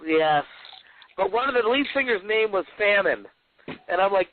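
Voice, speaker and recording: A man's voice: high voice, expressive, normal speed. A man, the author guest, chatting casually and reading excerpts aloud with folksy, rambling asides. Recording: dry tinny phone-like line.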